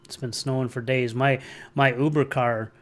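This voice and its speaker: A man's voice: mid-range voice, level tone, moderate pace, a bit bright. Rambling, chatty male livestream host. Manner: rambling, chatty, answers viewer comments aloud. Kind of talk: casual livestream chat.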